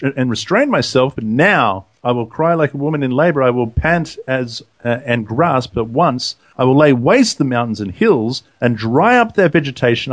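A man co-hosting a scripture talk, reading passages slowly and deliberately, then chatting casually. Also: mid-range voice, no echo.

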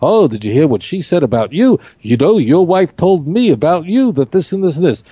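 A chattering busybody who never stops talking, put on by a man teaching a class. The voice goes high and chirpy and jumps around in pitch. It sounds dry and close. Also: sing-song, a little fast, mellow, husky, dry recording, muffled recording. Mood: nosy gossip. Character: chattering gossipy person, nonstop talker.

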